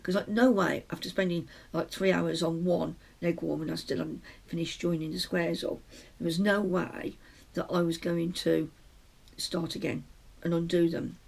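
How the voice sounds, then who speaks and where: Gravelly, husky chatty crafting woman. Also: on the low side, little pitch movement, normal speed, a little mellow. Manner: rambling, chatty, self-interrupting. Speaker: podcast host. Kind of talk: casual knitting podcast chat. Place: small closed room at home.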